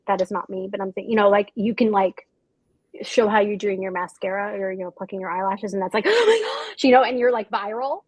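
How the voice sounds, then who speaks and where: A young woman author chats on a panel, effusive and gushing, tossing in quick quoted asides. Her voice is husky with a slight breathiness. The sound is dry and close. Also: mid-range voice, steady tone, no room sound, rough recording. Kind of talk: casual panel chat.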